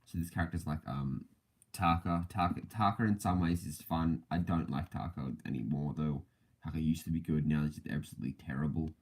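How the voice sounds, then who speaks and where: A man's voice: very deep voice, steady tone, a little fast, a little mellow. A man hosting a casual podcast livestream, rambling with many fillers and self-corrections and laughing often between thoughts. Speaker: podcast host.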